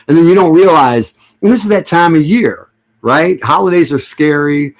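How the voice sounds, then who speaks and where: A man's voice: on the high side, lively intonation, normal speed. A middle-aged man chatting casually to his stream viewers at home, sarcastic and joking, rambling with many restarts. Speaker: livestream host.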